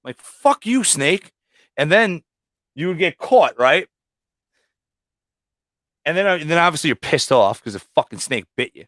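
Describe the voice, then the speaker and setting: A man's voice: fairly high pitch, sing-song, normal speed, pauses often, no room sound, studio quality. A man chatting casually on a livestream about breeding snakes, swearing freely and acting out what he and his snakes said. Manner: profane storyteller, acts out quotes loudly. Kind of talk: casual chat.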